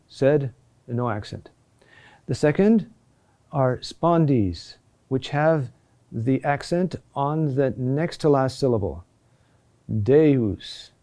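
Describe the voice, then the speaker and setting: Male lecturer, unhurried and hesitant delivery, mellow low-key tone. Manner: slow, halting delivery with many fillers and restarts. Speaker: teacher of Gregorian chant. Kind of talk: classroom lecture.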